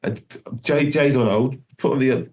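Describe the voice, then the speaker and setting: A middle-aged man, a guest musician, tells a long story in a casual interview. His mid-range voice is brisk with a darkish tone, and he rambles, restarts often, and keeps saying "do you know what I mean."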